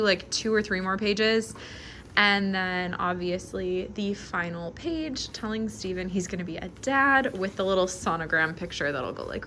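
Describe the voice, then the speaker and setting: A woman's voice: mid-range voice, slight background noise. Chatty young woman vlogging at home. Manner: chatty, giggly, filler-heavy, drops to soft murmurs. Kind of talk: casual vlog chat.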